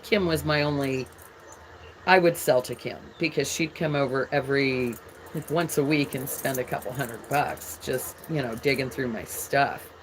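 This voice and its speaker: A woman's voice: extremely low pitch, moderate pace, a little hiss or hum, poor audio. A woman from England hosting a jewelry live stream, chatting casually with viewers and reading their comments aloud as she shows pieces.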